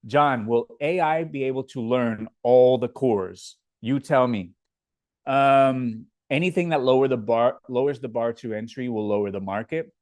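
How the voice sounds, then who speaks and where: A man's voice: medium pitch, measured pace, darkish tone, no echo. A man from Indiana, hosting a casual live Q&A and reading viewer comments aloud before answering them. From Indiana, USA. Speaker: livestream host.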